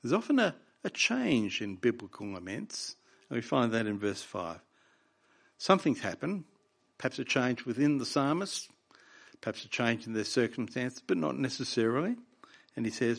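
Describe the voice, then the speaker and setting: Lively male preacher. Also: mid-range voice, normal speed, creaky. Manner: impassioned, reads scripture with raw emotion. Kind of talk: sermon.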